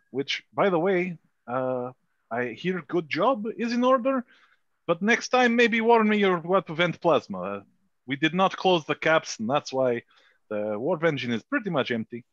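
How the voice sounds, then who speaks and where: A man playing a chief engineer in a tabletop game, reporting in a measured, officer-like way with fillers. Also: a little high, big pitch swings, a bit bright, no room sound, highs cut off. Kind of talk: tabletop role-play.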